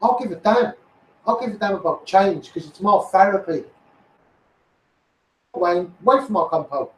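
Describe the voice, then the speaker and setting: Ranting high-voiced Liverpool man. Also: animated, moderate pace, fairly bright tone. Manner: blunt, sweary, heated and repetitive. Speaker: street campaigner. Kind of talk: angry political rant. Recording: roomy echoey sound.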